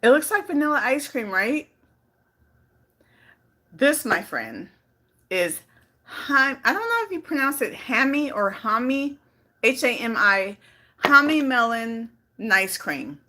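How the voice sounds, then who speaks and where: Bright-voiced woman chatting on a live stream. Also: a little high, sing-song, slow, pauses often. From California, Bay Area. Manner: chatty, playful, reads comments aloud. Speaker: vlogger on a livestream. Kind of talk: casual live-stream chat.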